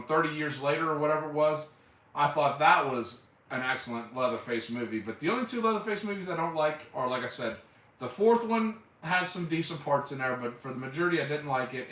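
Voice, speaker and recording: A man chatting loosely on a live stream, enthusiastic and rambling, dropping casual curses. His voice is bright and a bit sharp. The sound is echoey, with the mic set some way from him. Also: mid-range voice. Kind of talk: casual chat. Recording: echoey room, mic at a distance.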